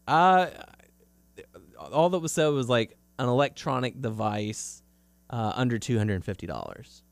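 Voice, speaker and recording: A man hosting a podcast, relaying news in a relaxed, filler-heavy way. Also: mid-range voice, a little slow, no echo. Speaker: podcast host reading news. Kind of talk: casual chat.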